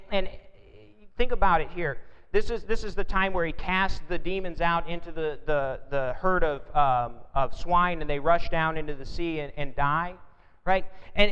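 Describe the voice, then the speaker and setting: A man's voice: high voice, a bit bright, clear, resonant tone. A man preaching an evening sermon in an earnest way, often repeating words as he thinks, recorded in a church sanctuary. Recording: reverberant hall, dull lo-fi sound.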